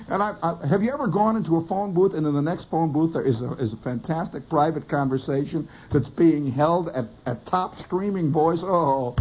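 A man telling a rambling comic story in an animated, digressive way, on a lo-fi recording. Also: on the high side, breathy edge. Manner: animated, digressive, bursts of laughter.

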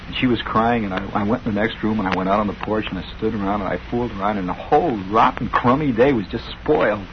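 A man's voice: lowish voice, fast, few pauses. A middle-aged man hosting a radio show, telling a rambling story with wry, sardonic asides. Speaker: radio host. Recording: dull lo-fi old radio broadcast, faint hiss.

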